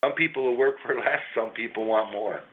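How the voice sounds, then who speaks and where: A man's voice: mid-range voice, a little fast. Middle-aged man rambling over a tinny line. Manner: rambling storyteller, swears freely. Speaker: small business owner. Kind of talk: casual chat. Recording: tinny phone-like line, faint hiss.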